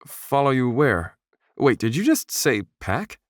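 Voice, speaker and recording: A man's voice: medium pitch, sing-song, measured pace, no echo, clean studio sound, voice pushed up. A man voicing an anxious young man in a strange land, who asks nervous questions and mutters to himself.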